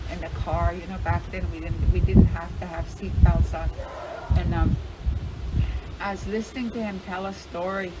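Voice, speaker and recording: An older woman from Fort Belknap, Montana, an elder being interviewed, recalling family stories in a rambling way and acting out remembered dialogue. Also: lowish voice. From Fort Belknap, Montana, USA. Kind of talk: casual storytelling recollection. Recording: lo-fi with loud background noise.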